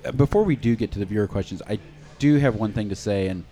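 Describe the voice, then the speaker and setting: A man's voice: on the low side, quick pace, warm tone, soft background music. Joking middle-aged man hosting a podcast. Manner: jokey, laughs often. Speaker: podcast host. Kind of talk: casual chat.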